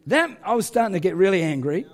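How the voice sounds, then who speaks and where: Aussie pastor guy, high animated voice, laughing at himself while he tells the story. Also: quick pace. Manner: animated, self-mocking, laughs through the story. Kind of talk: storytelling sermon.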